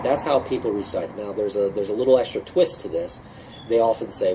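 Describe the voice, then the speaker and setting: Low-voiced man teaching a mantra. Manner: rambling, repeats words, slow chanting of syllables. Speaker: meditation teacher. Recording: distant mic, noisy background tape.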